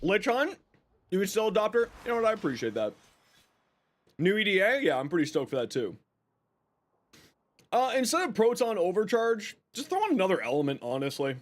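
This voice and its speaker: Upbeat man hosting a gaming stream; bright high voice that swings a lot, chatty and friendly with chat. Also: brisk, pauses often. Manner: greets chat by name, lively and upbeat; eating while talking. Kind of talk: casual live stream chat.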